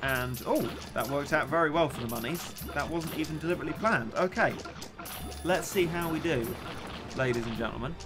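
A man's voice: a little high, brisk, music in the background. A young man streaming a game, chatting casually and ranting in a self-mocking way between reading out chat messages. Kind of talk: casual live-stream chat while gaming.

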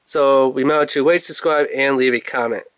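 A man casually reviewing and unboxing a toy, chatty and rambling, with bursts of excitement. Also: mid-range voice, fairly quick, slight background noise. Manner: chatty, rambling with fillers, excitable when revealing toys.

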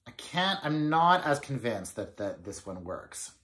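A man hosting a knitting podcast, chatting casually to camera in an excitable, rambling way with many fillers. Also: medium pitch, unhurried.

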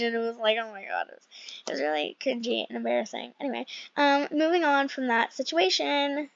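Chatty gamer girl talking to her viewers, high voice, dry dull sound. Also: no room sound. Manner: chatty, rambling storyteller. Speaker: gaming channel host. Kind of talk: casual game commentary. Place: at home.

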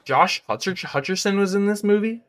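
A man's voice: high-pitched, brisk, fairly bright tone, dry recording. Slangy young male game streamer. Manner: rambling, slangy, says "bro" constantly, laughs often. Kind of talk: casual live gameplay chat.

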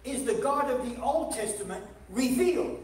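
A high-pitched man preaches to his congregation, animated and playful, often tripping over and repeating his opening words. The voice rings through a very echoey church hall and is picked up from a distance. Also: moderate pace. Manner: animated, jokey, repeats words when starting phrases. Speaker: evangelist preacher. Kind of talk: sermon with humorous storytelling. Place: church sanctuary.

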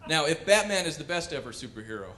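A man performing stand-up on a cultural center stage, in a wry, animated manner. His voice sits a little high and leaps up and down with great liveliness. A faint hiss runs under the live recording. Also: fast talker. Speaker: comedian and pianist. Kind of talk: stand-up comedy.

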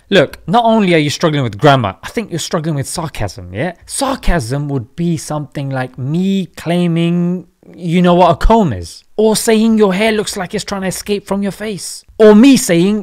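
A young man hosts a satirical commentary vlog in a high voice. His pitch leaps up and down as he mocks, jokes and drops emphatic asides. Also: lively intonation, normal speed, hardly any pauses, darkish tone. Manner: mocking, jokey, with emphatic asides. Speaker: channel host.

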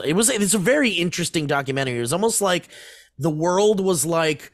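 A man's voice: fairly high pitch, lively intonation, fairly quick, no echo, clean studio sound. A man in his thirties co-hosting a podcast, rambling through a casual story with plenty of swearing and laughter. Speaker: podcast co-host. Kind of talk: casual chat.

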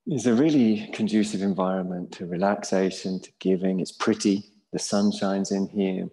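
Lowish voiced guy leading a yoga class, laid back and jokey, teasing himself between cues. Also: moderate pace, rough recording. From England. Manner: relaxed and jokey, self-mocking asides. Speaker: yoga teacher. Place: yoga studio in a Buddhist centre.

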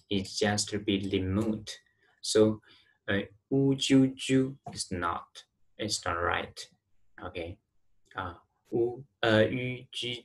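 A man with a Chinese accent teaches Chinese pronunciation, explaining haltingly with many fillers and drilling syllables aloud. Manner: drills syllables in a higher, careful voice. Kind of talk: online language lesson.

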